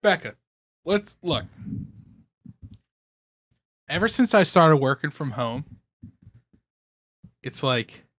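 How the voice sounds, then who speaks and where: A man's voice: fairly high pitch, slow pace, pauses often. A young man co-hosting a comedy podcast, telling stories with lots of swearing and acted-out quotes. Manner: animated storytelling, swears often, acts out quotes. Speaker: podcast co-host. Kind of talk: casual comedic podcast banter.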